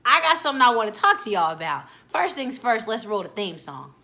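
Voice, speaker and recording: A woman's voice: fairly high pitch, big pitch swings, a little fast, sharp tone. A woman in her late twenties talking candidly and chattily to her viewers in a casual motivational vlog. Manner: candid, chatty, addresses viewers directly as "y'all". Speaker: vlogger, motivational talk host. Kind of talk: casual motivational talk to camera.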